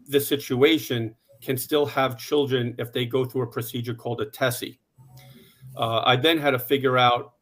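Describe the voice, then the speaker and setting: Man in his forties, mid-pitched voice, plain steady delivery, panel talk. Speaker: conference panelist. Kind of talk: personal story on a panel.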